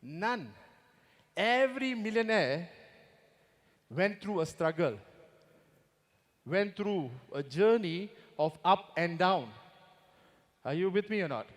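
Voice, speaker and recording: Singaporean man, motivational speaker, rhetorical and audience-baiting, higher voice ringing in a reverberant hall. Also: animated, slow, pauses often. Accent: Singaporean English. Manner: rhetorical, keeps asking the audience to agree. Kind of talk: motivational stage talk. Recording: long reverb of a big hall.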